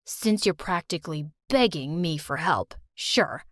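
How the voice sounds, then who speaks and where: A woman voicing a smug, teasing teenage boy who bullies a classmate in an animated storytime. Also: low voice, unhurried, no room sound, clean studio sound, pitched below the performer's own voice. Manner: mocking, taunting.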